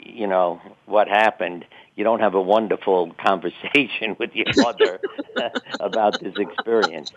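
An older man being interviewed, telling personal stories in a reflective, chatty way with wry laughs at himself. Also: lowish voice. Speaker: guest. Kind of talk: interview storytelling. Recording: tinny phone-line sound.

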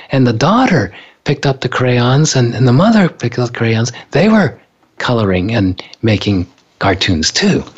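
A man's voice: medium pitch, highs cut off. A male author telling a personal story in conversation, earnest, and often repeating words as he recalls events. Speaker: author and speaker.

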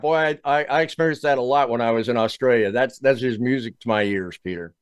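A man's voice: mid-range voice, fairly quick, hardly any pauses, clear, resonant tone, no room sound. A man hosting a business talk show, introducing and interviewing a guest in a folksy, emphatic way. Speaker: show host.

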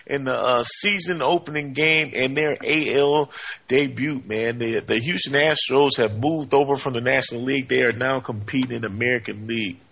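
A man hosting a sports talk show, energetic, with lots of "hey, man" and "uh" between points. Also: medium pitch, normal speed, creaky, breathy edge. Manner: energetic, frequent fillers and 'hey, man'.

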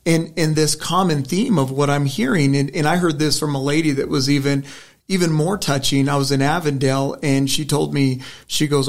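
Brief: middle-aged male candidate, slightly high voice with gravel, earnest storyteller, restarts often. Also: fairly quick. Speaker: state senate candidate. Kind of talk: interview answer, conversational.

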